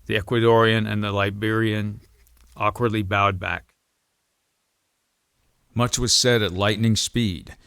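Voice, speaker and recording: Male audiobook narrator, low voice, dry close sound, understated delivery. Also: level tone, measured pace, vocal fry, pauses often, a bit bright, smooth, no echo.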